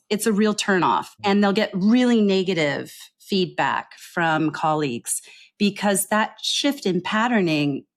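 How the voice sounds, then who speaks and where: A woman in a podcast interview who explains accent coaching in an earnest, thorough way. Her voice sits fairly low for a woman, and she keeps tagging her points with a quick "right?". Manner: explanatory, earnest, often adds a questioning "right?".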